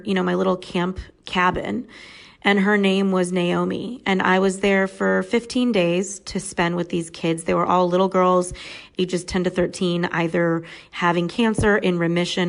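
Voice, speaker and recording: A woman's voice: on the low side, vocal fry. A woman in her thirties hosting a podcast, telling a personal story in a candid, conversational way. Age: 30s. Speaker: podcast host.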